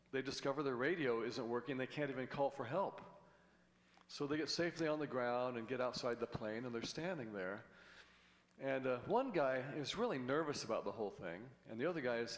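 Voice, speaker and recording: A middle-aged man giving a folksy sermon as a guest speaker, rambling through stories and jokes with frequent restarts. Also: mid-range voice. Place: church sanctuary. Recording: long hall reverb.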